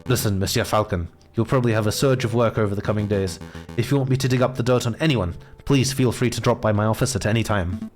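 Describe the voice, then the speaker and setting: A man voicing a sly male fox private investigator in a game, speaking in a smooth, courteous, knowing way over faint game music. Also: lowish voice, fast talker, natural voice. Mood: suave.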